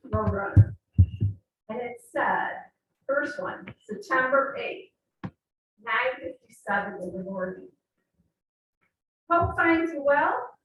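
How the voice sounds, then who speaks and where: A woman's voice: on the high side, fairly bright tone, slight background noise. A woman with a Western New York accent telling a personal story as a club speaker, acting out the quoted dialogue. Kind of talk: storytelling speech. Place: meeting room. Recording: echoey room from far off.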